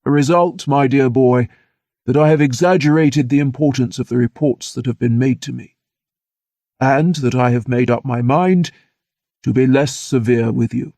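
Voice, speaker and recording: A man playing a measured, paternal older father. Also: mid-range voice, creaky, warm tone, no echo, voice pushed down, natural voice.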